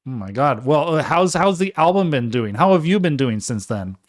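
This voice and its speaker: A man's voice: on the high side, very animated, moderate pace. A man hosting a live music stream, upbeat and jokey, laughing often as he chats with a guest. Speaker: livestream host. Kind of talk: casual live show hosting.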